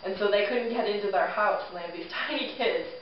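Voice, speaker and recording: A woman's voice: medium pitch, fast talker. A young woman co-hosting a casual podcast, telling a story in an easygoing, hesitant way with fillers. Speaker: podcast co-host. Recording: echoey room, far from a lo-fi mic, faint noise.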